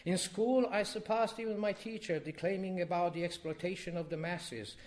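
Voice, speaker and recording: A man reading his own poem to a live audience, with expressive rises and drops in his voice. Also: moderate pace. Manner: expressive, wide swings in pitch and loudness. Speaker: poet reading his work. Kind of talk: poetry reading.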